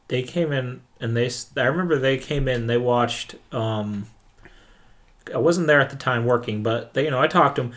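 A man's voice: medium pitch, moderate pace, a bit bright. Rambling man telling work stories. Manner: rambling storyteller, acts out quoted exchanges. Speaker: former movie theater employee. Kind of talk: casual chat.

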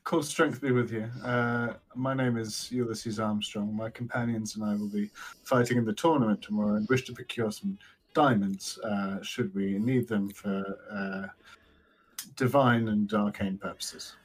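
Husky-voiced man playing a tabletop game. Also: on the low side, fairly even intonation, normal speed. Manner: playful, chatty, slips into character. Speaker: player. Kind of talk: casual tabletop role-play.

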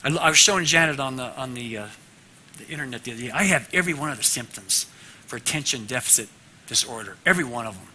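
A man teaching a class devotional in an earnest way, moving from loud teaching to a hushed prayer. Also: medium pitch, lively intonation, quick pace, a little hiss or hum.

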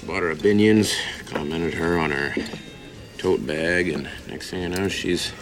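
A man's voice: low voice, normal speed. An actor playing a crude adult cop who deadpans about his ex-wife in a film scene. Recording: film clip with music under it.

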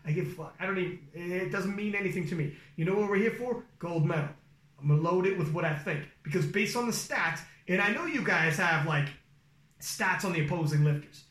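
Male podcast host, forceful casual talker, echoey call audio. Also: high voice. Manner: emphatic, profane, explains coaching logic.

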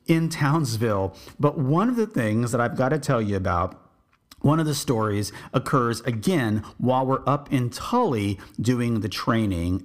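A man from Texas recalls his army days at an easy, reflective pace. His voice sits at a middling pitch. He wanders through the story and often restarts his sentences. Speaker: podcast host and army veteran. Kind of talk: storytelling memoir.

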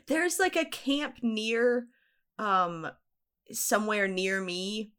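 A young woman in casual conversation, relaxed and quick to laugh. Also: a little high, clear, resonant tone. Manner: laughs often, relaxed and unhurried. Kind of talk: casual chat.

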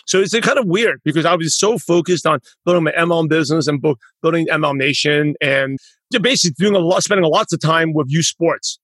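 Podcast host, male, husky and quick, rambling chat. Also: on the high side, fairly bright tone, dry recording. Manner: rambling, self-correcting, proud father. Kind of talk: casual interview chat.

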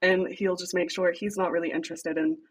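A woman's voice: on the low side, flat delivery, fairly quick, breathy edge, poor audio. A young woman guest on a podcast, chatting casually and animatedly about her writing, laughing often and acting out lines. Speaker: podcast guest, fanfic writer.

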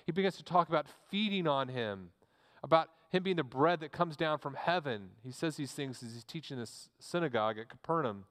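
A man's voice: on the high side, expressive, brisk, a bit bright, big-room sound. A man, a pastor preaching a sermon in a church, earnest and repeating words as he restarts his phrases.

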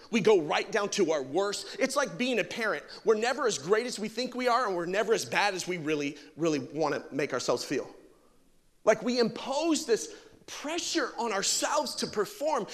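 A man preaching a sermon full of humor, animated and jokey, acting out bits of dialogue. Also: sits high, long reverb tail. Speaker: pastor. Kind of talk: sermon with comic stories.

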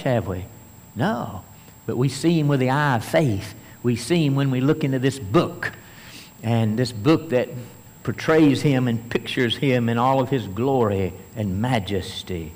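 A man preaching a sermon as a pastor, building to emphatic bursts and then slowing to stress key phrases. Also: medium pitch, lively intonation, long reverb tail.

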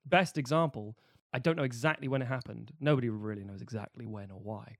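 A man's voice: medium pitch, brisk, no echo, studio quality. A man co-hosting a casual film chat, rambling and swearing as he talks through examples.

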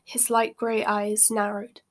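A woman reading a novel aloud in steady, expressive narration. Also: medium pitch, slow pace. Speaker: reader.

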